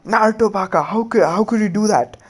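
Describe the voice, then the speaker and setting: A man voicing a lovestruck teenage girl ninja in a squealing falsetto, for a fan story retelling. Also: animated, moderate pace, a little mellow. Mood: scolding.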